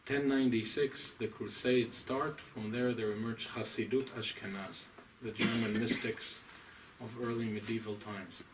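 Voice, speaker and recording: A man, a rabbi, giving a deliberate, emphatic, scholarly lecture to a small audience. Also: lowish voice, steady tone. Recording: distant mic, faint room noise.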